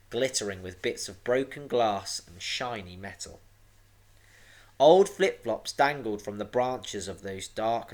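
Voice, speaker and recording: A man, a teacher, reading a storybook aloud to young pupils with a dramatic, expressive delivery. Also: on the low side. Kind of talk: storybook read-aloud for children.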